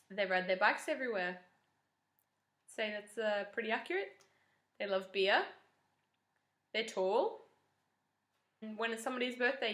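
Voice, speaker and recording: Young Australian woman, casual chat to camera, bright tone, roomy echo. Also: medium pitch. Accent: Australian, softened. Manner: chatty, wry, self-deprecating. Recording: echoey room.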